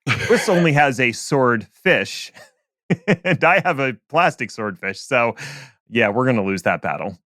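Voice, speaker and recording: A man's voice: medium pitch, lively intonation, sharp tone, no echo, clean studio sound. A man hosting a podcast, joking around in casual chat over a remote call. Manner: jokey, playful, quick to laugh. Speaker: podcast host.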